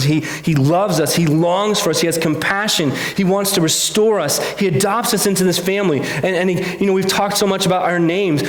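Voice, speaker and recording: A man delivers a heartfelt, conversational sermon with a fairly high voice. He speaks earnestly and confessionally, tripping over restarts as he goes. The sound rings through an echoey church room. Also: brisk, few pauses. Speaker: preacher.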